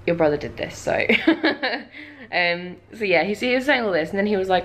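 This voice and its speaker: A woman's voice: on the low side, expressive, fast, a little hiss or hum. A young woman vlogger telling a travel story to camera in a chatty, casual way, laughing often and dropping dry asides.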